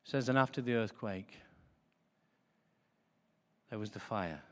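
A man preaching a sermon with passion, moving between hushed, prayerful lines and loud declarations. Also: lowish voice, unhurried, long reverb tail.

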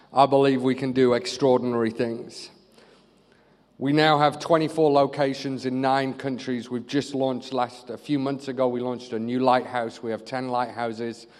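A man from northeast England with a northeast English accent, preaching a lively, joking sermon. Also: medium pitch. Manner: lively, joking, animated storytelling. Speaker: pastor and charity leader. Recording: reverberant hall.

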